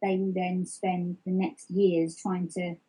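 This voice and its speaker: A woman's voice: fairly low pitch, level tone, slow, dark tone, breathy edge, low-quality recording. A middle-aged woman speaking openly as an interview guest, reflective and candid, often restarting her sentences. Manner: reflective, open, many restarts and fillers. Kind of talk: open personal interview.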